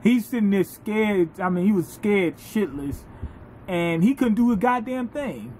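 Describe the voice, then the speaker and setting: Male reviewer, high voice, animated and foul-mouthed casual recap. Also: measured pace, a little hiss or hum. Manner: animated, profane, laughing storyteller. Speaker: anime reviewer.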